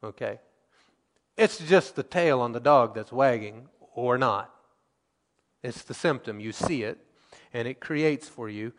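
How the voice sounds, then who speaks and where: A man preaching a sermon, reading scripture aloud and acting out quotes, his loudness swinging between emphatic and quiet. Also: mid-range voice, measured pace, long pauses, big-room sound.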